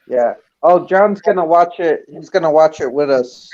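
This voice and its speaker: A man's voice: a little high, moderate pace, a little mellow, muffled recording. A man chatting casually online, easygoing with short remarks. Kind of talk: casual online group chat.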